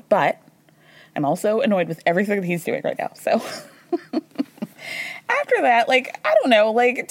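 A woman hosting a podcast, recapping reality TV in a chatty, sarcastic way with quick asides and playful impressions of the people she quotes. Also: medium pitch, no room sound. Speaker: podcast host. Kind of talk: casual recap commentary.

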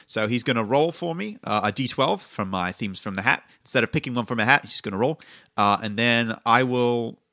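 A man's voice: mid-range voice, expressive, fairly quick, pushed and bright, dry recording, studio quality. A man hosting a tabletop game podcast, explaining rules in a rambling, self-correcting way. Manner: affects an odd mixed accent in his intro. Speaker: podcast host and game master. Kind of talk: casual podcast chat.

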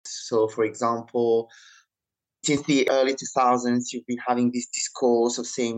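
A man from Italy with an Italian accent, a writer and activist being interviewed as a podcast guest. He speaks in measured, drawn-out phrases, often hedging with fillers. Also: mid-range voice, flat delivery, low-quality recording.

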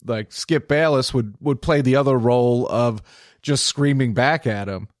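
A young man trading opinions on a sports podcast, blunt and sarcastic, with plenty of swearing. His pitch is middling and the recording is dry and close. He talks like he's ranting to a friend. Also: a little slow, dry recording. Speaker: podcast co-host. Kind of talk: casual sports podcast chat.

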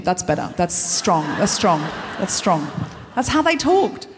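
A woman host delivers a live stand-up monologue, self-deprecating and full of rambling asides. Her voice sits in a middle pitch, and a long reverb from the big concert hall trails her words. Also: sing-song, a little slow, hardly any pauses.

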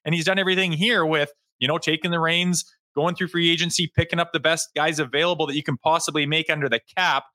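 A man co-hosting a sports podcast, talking in a heated, animated way and mocking critics in put-on voices. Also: fairly high pitch, fast talker, hardly any pauses, no room sound. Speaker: co-host.

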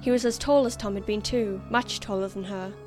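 A woman reading a story aloud as narrator in a measured, expressive way. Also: medium pitch, faint music behind. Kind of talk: scripted narration.

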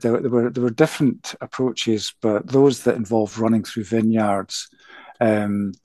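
Low-voiced man in his sixties. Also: a little mellow, no room sound. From Scotland. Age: 60s. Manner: measured, hesitant storytelling with many ums. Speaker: guest author. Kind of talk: podcast interview.

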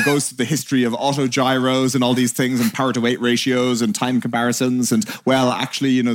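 A man, a tech company co-founder, answering interview questions in a fluent, conversational way with frequent "you know" fillers. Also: medium pitch.

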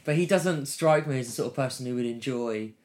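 A man's voice: mid-range voice, fairly quick, a little mellow. A man hosting a casual conversation, chiming in with short agreements and brief questions. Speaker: podcast host, interviewer. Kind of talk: casual chat.

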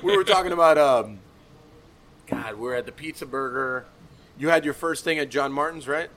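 A man's voice: on the high side, normal speed, fairly bright tone. A man hosting a casual podcast, playful and joking, laughing easily. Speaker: podcast host.

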